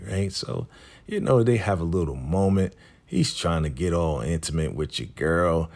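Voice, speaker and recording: A low, gravelly male voice with a husky edge, chatting through a TV recap. He talks in a lively, animated way and slips into the characters as he goes. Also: normal speed. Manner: animated, conversational, acts out scenes. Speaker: recap host. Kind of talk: casual TV episode recap.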